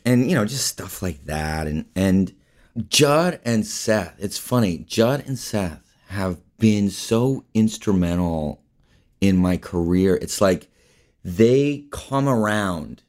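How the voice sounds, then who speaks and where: A man's voice: sits low, animated, takes it slowly, darkish tone. A man guest on an interview show, telling stories in a rambling, casual way, often saying "like" and "you know". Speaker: guest, actor and filmmaker.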